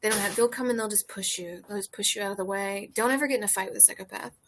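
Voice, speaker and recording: A woman's voice: mid-range voice, steady tone, very fast, noisy background. A woman comedian in casual chat, telling candid, profane stories full of fillers, recorded outdoors on a porch.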